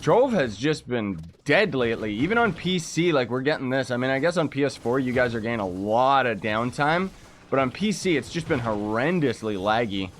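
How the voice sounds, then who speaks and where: A man chatting casually during a live game stream, ranting in frustration and breaking into quick exclamations. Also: medium pitch, animated, a little hiss or hum. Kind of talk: casual live-stream chat while gaming.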